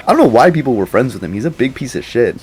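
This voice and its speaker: A man's voice: mid-range voice, sing-song, racing, a little mellow, a little hiss or hum. A young man giving a casual, slangy movie reaction, rambling and laughing often. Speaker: YouTuber.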